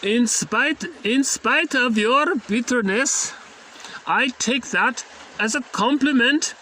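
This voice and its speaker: A man putting on a German accent to play a stern older male psychoanalyst, speaking slowly and with mock seriousness. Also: very high-pitched, bright, forceful tone, a little hiss or hum, pitched above the performer's own voice, full character voice. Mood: dry, probing. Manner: slow, deliberate, mock-serious.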